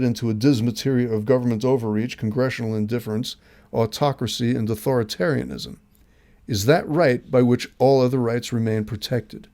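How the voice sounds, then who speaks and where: Earnest man reading political commentary, mellow. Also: medium pitch. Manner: earnest, emphatic read with rhetorical questions. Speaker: host. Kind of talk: scripted commentary.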